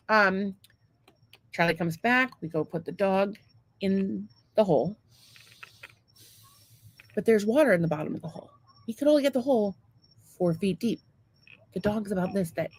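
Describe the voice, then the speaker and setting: A woman podcast co-host telling a story in casual chat, animated, laughing often and swearing freely. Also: medium pitch, normal speed, long pauses.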